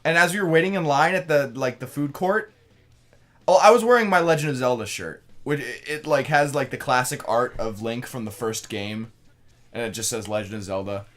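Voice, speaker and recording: A man's voice: medium pitch, expressive, normal speed, a bit bright. A young man co-hosting a casual podcast, telling a story with crude swearing and frequent laughter. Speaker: podcast co-host.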